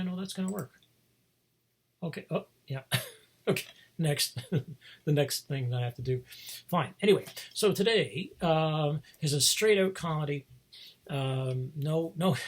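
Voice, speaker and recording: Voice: medium pitch, slow pace, creaky, pauses often, slightly rough. A vlog host talking in a casual, meandering monologue, full of restarts and small chuckles. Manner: meandering, many fillers and restarts, chuckles often.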